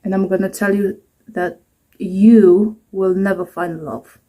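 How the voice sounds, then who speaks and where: A woman's voice: mid-range voice, little pitch movement, unhurried, warm tone. A woman in her twenties chatting to camera in a rambling, self-mocking way, at home at night. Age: 20s. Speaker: vlogger. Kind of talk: casual talking-to-camera vlog.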